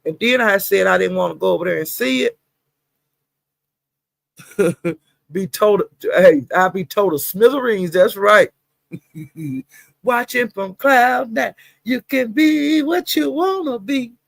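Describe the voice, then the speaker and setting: A woman hosting a casual livestream, chatting and laughing, greeting viewers by name with drawn-out exclamations. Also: mid-range voice, gravelly, dry recording. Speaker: livestream host.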